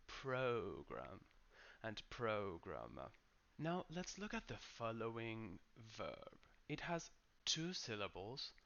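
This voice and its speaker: A man teaching English pronunciation, slowly modeling each word and its stress. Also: on the low side, sharp tone, lo-fi sound. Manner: slow, careful modeling of words. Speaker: pronunciation coach. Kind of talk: pronunciation lesson.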